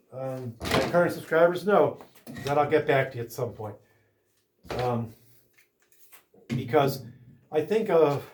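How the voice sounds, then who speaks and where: Working in his woodshop, a medium-pitched man talks loosely with his viewers, wandering between subjects as he rambles. Roomy echo fills the recording, and the background is noisy.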